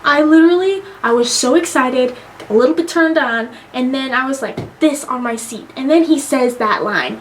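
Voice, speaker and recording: A young woman with a high-pitched voice reviews a movie in a casual vlog. She talks in an excitable, gushing way and swears freely. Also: normal speed, slight background noise.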